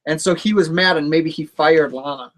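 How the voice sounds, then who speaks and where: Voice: mid-range voice, moderate pace, fairly bright tone. A co-host chatting casually, blunt and joking, with frequent swearing. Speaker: co-host of a live wrestling talk show. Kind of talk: casual profane chat.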